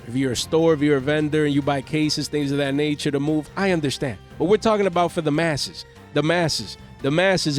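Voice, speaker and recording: Hype host, man, slangy and excitable, a bit higher voice, faint music bed. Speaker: card market channel host. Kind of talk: hyped market commentary. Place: home.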